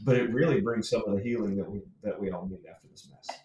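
A man's voice: lowish voice, fast, crowd noise. Man talking from a roomy distance. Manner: rambling, many restarts, laughs often. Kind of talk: casual conversation.

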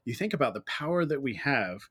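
A man's voice: mid-range voice, big pitch swings, brisk, fairly bright tone, slightly rough. A man co-hosting a casual talk show, speaking reflectively in a rambling way, with restarts and asides. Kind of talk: casual conversational chat.

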